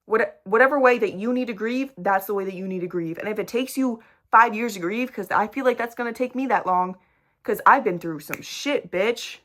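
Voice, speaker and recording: A woman's voice: medium pitch, moderate pace, fairly bright tone. A young adult woman speaking candidly to a camera, blunt and emphatic, swearing freely. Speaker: vlogger. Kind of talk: candid personal talk to camera. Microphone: device recording while talking to a screen.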